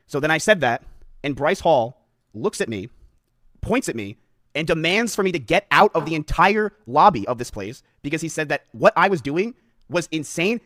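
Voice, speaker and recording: A man's voice: on the high side, normal speed, no echo, clean studio sound. A male streamer animatedly retelling a story to his audience, cursing heavily and filling with "like". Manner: animated retelling, heavy cursing, many "like" fillers.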